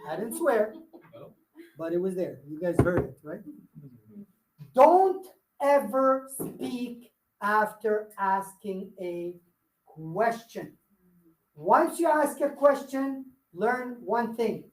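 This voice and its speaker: A male sales trainer coaches salespeople at a live workshop in a meeting room with an audience, and the room sounds echoey. His fairly high voice is animated and slow, with frequent pauses, as he playfully and emphatically repeats his points.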